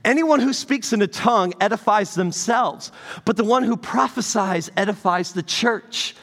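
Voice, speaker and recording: A man preaching a sermon as pastor, animated, moving between loud emphatic bursts and quiet, intimate storytelling. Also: sits high, moderate pace. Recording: long hall reverb.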